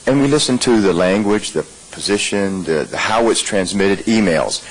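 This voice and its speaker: A man's voice: lowish voice, expressive, normal speed, low-quality recording. A man leading a live leadership training workshop, talking conversationally to the room and firing off rhetorical questions.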